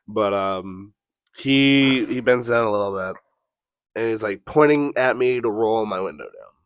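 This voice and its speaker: A man co-hosting a podcast, telling a profane, animated story and acting out the quotes. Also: on the low side, measured pace, clean tone, dry recording. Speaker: podcast co-host. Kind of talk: casual storytelling.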